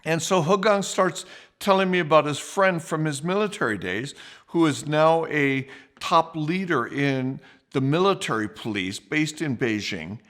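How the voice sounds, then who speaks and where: A man hosting a podcast, telling a personal story in a lively way, with restarts and acted-out quotes. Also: a little high, a little slow.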